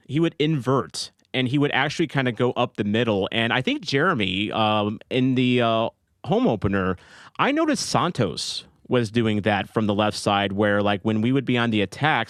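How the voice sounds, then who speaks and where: A low-voiced man breaks down a soccer match for podcast listeners, walking through each play with eager detail. His voice sounds dry and close, with little room sound. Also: no echo. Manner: enthusiastic play-by-play recap, many fillers. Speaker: podcast co-host. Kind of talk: casual sports podcast chat.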